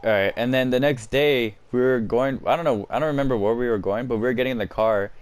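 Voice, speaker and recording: A man's voice: mid-range voice, fast, no room sound. A young man hosting a podcast, telling stories in casual chat and acting out his friends' lines. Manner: laughing storyteller, acts out friends' lines. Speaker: podcast host.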